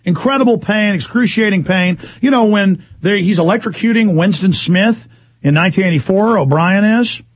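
A man hosting a call-in radio show, ranting fast and indignantly and mocking officials in put-on voices. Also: sits high, dry recording. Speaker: radio talk show host.

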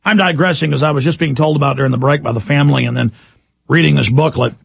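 Gravelly ranting male radio host. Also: fast talker, no echo. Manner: ranting, repetitive, with sudden emphatic pitch jumps. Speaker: radio talk show host. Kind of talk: call-in talk radio monologue.

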